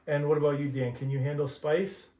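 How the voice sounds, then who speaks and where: A man's voice: fairly high pitch, little pitch movement, fairly quick, mellow, recorded from a distance. A man hosting a casual family vlog, playful and teasing as he chats with his relatives. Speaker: vlog host. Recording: echoey room, faint background noise.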